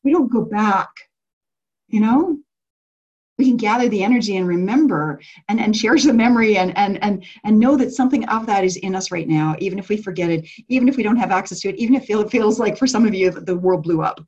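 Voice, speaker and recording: A woman with a mid-range, slightly rough voice talks fast to her retreat group on a call, and the highs in the audio are cut off. She is casual and animated, with frequent restarts and fillers, often acting out quotes and laughing.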